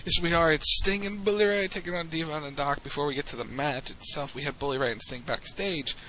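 A wrestling podcast co-host recaps events casually, rambling and restarting his sentences. His voice is fairly high, steady and sharp at a fairly quick pace, on a dull lo-fi recording with faint ambience and a little hiss or hum.

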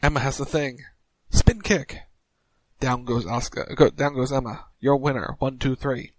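A man co-hosting a casual podcast, recapping wrestling moves in quick play-by-play style. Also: steady tone, no room sound, poor audio. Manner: rapid recap, mimics crowd chants in a higher voice.

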